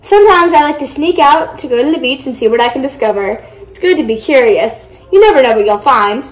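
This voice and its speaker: A young reader voicing a curious, friendly little mermaid in a storybook, turning dramatic and shrill when frightened. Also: female voice, animated, a little fast, poor audio. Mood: chatty. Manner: dramatic, shrieking when scared.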